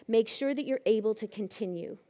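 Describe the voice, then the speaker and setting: A woman delivers a keynote at a conference, sharing anecdotes laced with self-deprecating humor. Her voice is a little high, brisk and warm, and the recording carries the long reverb of a hall.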